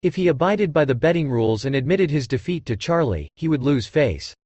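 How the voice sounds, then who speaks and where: Man narrating an audiobook, lively pitch. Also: a little fast, no room sound, dull audio. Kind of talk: scripted narration.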